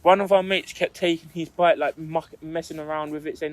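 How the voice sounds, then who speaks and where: Young man telling a story, higher voice. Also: steady tone, fairly quick. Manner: storytelling, acts out quotes in his stories. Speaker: podcast co-host. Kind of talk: casual chat.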